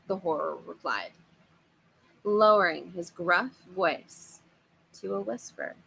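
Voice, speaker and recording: Animated woman reading a spooky story. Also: fairly low pitch, takes it slowly, creaky, a little hiss or hum, low-quality recording. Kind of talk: reading a children's horror book aloud.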